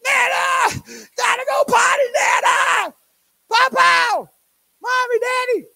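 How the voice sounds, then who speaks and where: A woman's voice: fairly even intonation, slow pace, gravelly, a faint crowd, heavily acted. A man squealing as a bossy tiny girl. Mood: urgent. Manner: shrill shouting, insistent. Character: bossy three-year-old girl, high and shrill.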